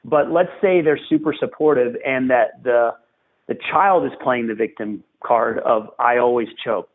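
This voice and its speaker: A man's voice: mid-range voice, a little slow, slightly rough. A man hosting a podcast conversation, talking like a coach and driving his points home by repeating them. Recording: tinny phone-like line.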